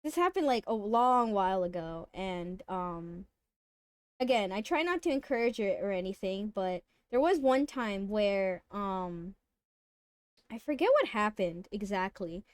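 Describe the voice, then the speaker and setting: Woman streamer rambling thru a story on stream, kinda high smooth voice, swears a lot, super dry sound. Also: moderate pace, dry recording. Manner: animated storytelling that swears freely. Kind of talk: casual live-stream storytelling.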